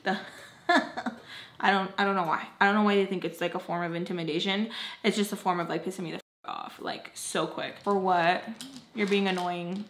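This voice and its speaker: Speaking at normal speed with a fairly low, fairly bright voice and fairly even intonation, a young woman makeup artist shares a story time. Her chatty, exasperated delivery is full of fillers, notably "like," and the room echoes.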